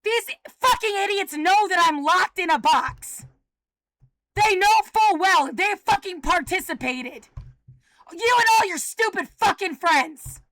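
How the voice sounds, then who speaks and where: Very high-voiced woman, bright and sharp, swearing and yelling at people, dry close sound. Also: animated, slow, no echo. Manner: agitated, cursing, often shouting. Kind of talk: profane angry rant.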